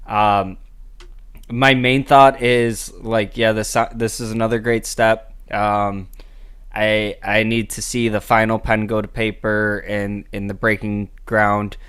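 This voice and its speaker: A man with a low, smooth and resonant voice, co-hosting a casual podcast. He talks in a laid-back, measured way and sprinkles in fillers. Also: little pitch movement, a bit bright. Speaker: podcast co-host. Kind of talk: casual chat.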